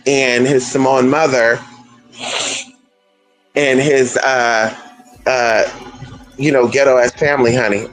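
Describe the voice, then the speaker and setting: A man hosting a livestream, chatting casually and telling gossipy stories in a sassy way, calling his listeners girl and honey. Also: poor audio. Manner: sassy, gossipy, swooping pitch. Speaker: livestream host. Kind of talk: casual chat storytelling.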